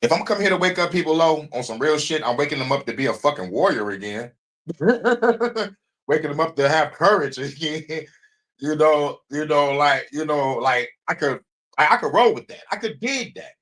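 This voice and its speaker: A man's voice: fairly high pitch, very animated, moderate pace, a bit bright. A man hosting a livestream in a rambling, profane, casual monologue, often breaking into laughs. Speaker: streamer host.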